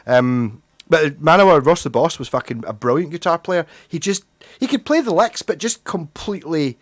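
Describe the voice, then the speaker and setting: A man's voice: fairly high pitch, expressive, normal speed, no echo, clean studio sound. A middle-aged man, hosting a livestream and chatting loosely with viewers, rambling and swearing freely. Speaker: livestream host. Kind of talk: casual livestream chat.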